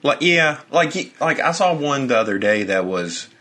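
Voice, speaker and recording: Bright-voiced young man, rambling podcast chat. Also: medium pitch, big pitch swings, moderate pace. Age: young adult. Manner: rambling, swears a lot, acts out imagined dialogue. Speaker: podcast co-host. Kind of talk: casual chat.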